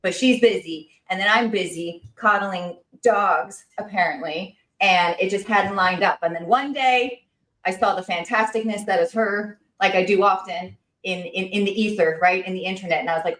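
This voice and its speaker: A woman hosting a livestream, talking fast and excitedly with lots of fillers and restarts. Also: medium pitch, reverberant, low-quality recording. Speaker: livestream host. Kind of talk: casual chat.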